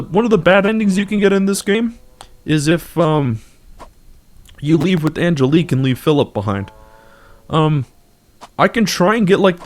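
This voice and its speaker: A man's voice: a little high, darkish tone. A young man streaming a game, chatting casually in a rambling, laughing, self-mocking way through a desk microphone with auto-tune on. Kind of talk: casual gameplay commentary.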